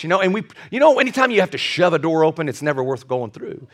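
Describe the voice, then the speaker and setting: A male pastor preaching a sermon, telling a Bible story with animated, acted-out quotes. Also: a little high, quick pace, hardly any pauses.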